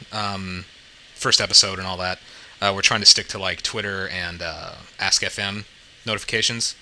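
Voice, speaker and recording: A man's voice: deep voice, bright, forceful tone, rough recording. A man hosting a casual podcast, chatty and upbeat, often tagging his sentences with "right?". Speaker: podcast host.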